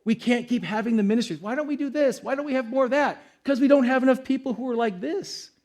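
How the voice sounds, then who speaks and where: A man's voice: extremely high pitch, fast talker, a little mellow. A young adult man preaching a sermon as pastor, in a casual, conversational way with acted-out quotes. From United States.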